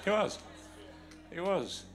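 A man's voice: sits high, expressive, slow pace, a bit bright, faint music behind. A man with an Australian accent, a guest pastor joking with a congregation in a jovial, teasing way before preaching. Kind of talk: sermon opening with banter. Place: large church auditorium with congregation. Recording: live church recording with crowd noise. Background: congregation noise.

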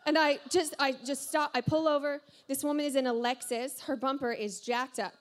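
Woman preacher w/ a high voice, chatty and jokey, laughs at herself a lot, talking to her church. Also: moderate pace. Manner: animated, self-deprecating storyteller who laughs often. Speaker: pastor. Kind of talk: sermon with personal storytelling. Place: church service before a congregation.

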